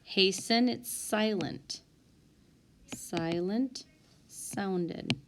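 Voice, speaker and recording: A woman teacher giving a recorded spelling lesson, sounding out words one by one with deliberate dictation. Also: mid-range voice, background noise. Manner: slow, deliberate word-by-word dictation. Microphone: tablet microphone.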